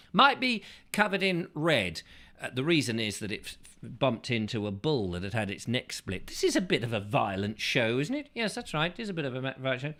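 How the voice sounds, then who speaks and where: Lively, bright-voiced man. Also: on the high side, normal speed. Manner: playful, rambling, pops into silly character voices. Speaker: host. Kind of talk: casual chat reading viewer comments.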